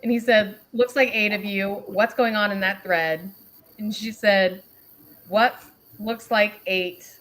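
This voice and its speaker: Her voice is mid-range and she speaks a little slowly. Hosting a relaxed livestream, she reads aloud a message exchange, laughing frequently as she animatedly recounts it.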